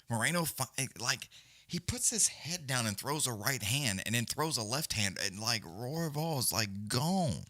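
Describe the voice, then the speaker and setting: Guy, casual profane fight caller, very animated pitch, dry close mic. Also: measured pace, no room sound. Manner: profane, blunt, loose, Southern-leaning slang. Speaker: fight companion commentator. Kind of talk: casual live fight commentary.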